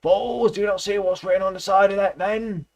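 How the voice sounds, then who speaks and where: A shrill, furious old donkey. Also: male voice, fairly even intonation, a little fast, creaky. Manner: shrill, shouting and swearing. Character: old donkey, gruff and bitterly cynical.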